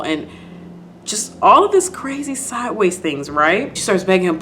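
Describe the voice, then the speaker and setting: A woman's voice: on the high side, sing-song, brisk, bright, forceful tone, slight background noise. A woman casually recapping and reacting to a TV episode, chatty and repetitive, with lots of "like" and "you know". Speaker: video host.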